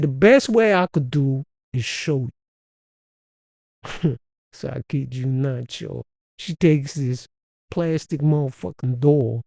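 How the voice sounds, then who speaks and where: A man's voice: fairly high pitch, vocal fry, mellow, dry recording, clean studio sound. A man from Compton, hosting a podcast and telling a profane, streetwise story with frequent laughs. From Compton, Los Angeles. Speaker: podcast host. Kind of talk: casual storytelling.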